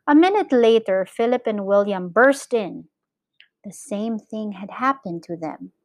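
A woman teacher reading a children's story aloud, in slow, clear storytelling with lively character voices. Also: medium pitch, no room sound. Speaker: English teacher.

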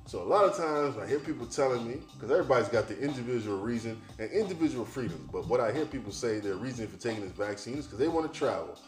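A man's voice: mid-range voice, expressive, quick pace, few pauses. Brief: blunt male podcast host riffing on news, cursing freely, echoey room with light music. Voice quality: blunt, profane, sardonic. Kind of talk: ranting commentary on news headlines. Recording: roomy echo, faint music.

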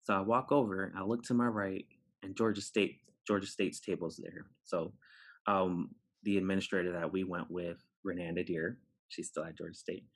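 Low, husky-voiced man telling a story. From New York City. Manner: animated, acts out dialogue, laughs while telling. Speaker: podcast guest. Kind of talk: personal storytelling.

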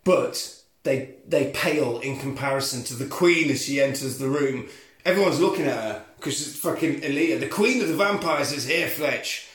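A man retelling a film as a comic podcast recap, sweary and animated, recorded in an echoey room. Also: medium pitch, moderate pace. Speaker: podcast co-host.

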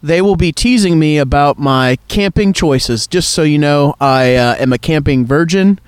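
A man's voice: a little high, normal speed, clear, resonant tone, no room sound. A man hosting a casual chat by a cold outdoor campfire, jokey and laughing easily. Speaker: podcast host and pastor.

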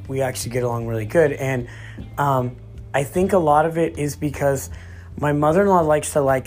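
A man's voice: fairly high pitch, darkish tone. Man, casual devotional vlog, emphatic, conversational, faint music behind. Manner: conversational, emphatic, laughs easily. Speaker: Christian vlogger.

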